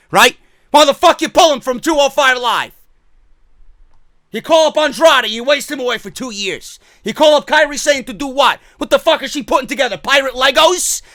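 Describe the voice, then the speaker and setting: A man's voice: extremely high pitch, pushed and bright, dry recording. A man giving heated, profane, sarcastic commentary on wrestling in a vlog. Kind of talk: ranting commentary.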